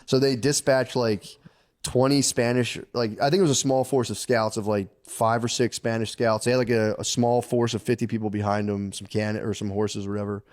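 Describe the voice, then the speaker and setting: A man's voice: fairly low pitch, little pitch movement, a little fast, a little mellow. A man co-hosting a podcast, telling a history story in casual comedic chat, rambling and profane, laughing often. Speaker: podcast co-host.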